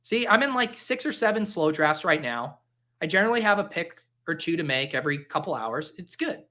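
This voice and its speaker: A young man hosts a live stream with casual, jokey, rambling chatter that sounds caffeinated. His voice sits a little high, very animated and brisk with a sharp tone.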